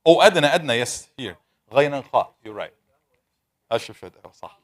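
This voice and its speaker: A man's voice: medium pitch, very animated, racing. A man teaching Tajweed in a live online class, patiently drilling the sounds of Arabic letters over and over and calling on students by name.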